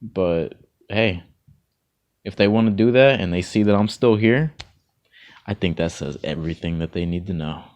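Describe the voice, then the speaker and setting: A man's voice: sits low, normal speed, pauses often, a little mellow, highs cut off. A man talking in a casual, rambling monologue of encouragement, repeating words and chuckling often. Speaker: vlogger.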